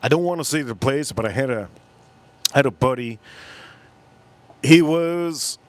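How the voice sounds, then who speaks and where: A man's voice: medium pitch, unhurried. American dude on a livestream, rambling crude banter w/ chat, sipping drinks as he goes. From United States. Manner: drinking on stream between lines. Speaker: livestream host.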